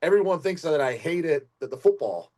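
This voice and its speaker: A man's voice: on the high side, sing-song, brisk, mellow. A man hosting his own podcast, talking laid-back and profane, laughing easily as he chats. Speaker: podcast host, channel creator. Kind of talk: casual podcast chat.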